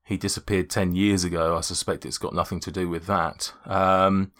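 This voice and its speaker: A man's voice: low-pitched, little pitch movement, normal speed, a bit bright. A man voicing a plain, flustered farmer in his fifties who stumbles over and repeats his words. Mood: matter-of-fact. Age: 50s. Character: plain middle-aged male farmer, flustered.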